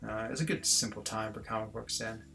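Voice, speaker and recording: A man's voice: on the low side, steady tone, fairly quick, gravelly, bright, forceful tone. A middle-aged man, chatting casually with viewers as a stream host in a rambling, musing way. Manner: rambling, musing, chuckles often. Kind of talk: casual live-stream chat reading comments. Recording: faint guitar music behind.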